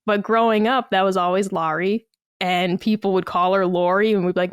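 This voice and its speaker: A woman co-hosting a podcast chats casually in a Massachusetts accent, her stories peppered with lively quotes from others. She has a clear, resonant mid-range voice, talks a little fast, and the studio-quality recording has no echo.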